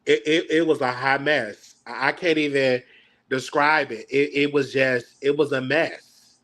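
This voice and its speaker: A man's voice: medium pitch, steady tone, a little slow, a bit bright. A man hosting a casual reaction chat, stammering and flustered as he mocks himself. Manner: stammering, flustered, self-mocking. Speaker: show host.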